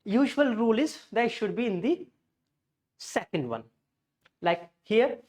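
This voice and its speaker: A man's voice: high voice, animated. Indian man teaching English word stress. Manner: patient, repeats words slowly to demonstrate stress. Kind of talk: classroom lesson on word stress.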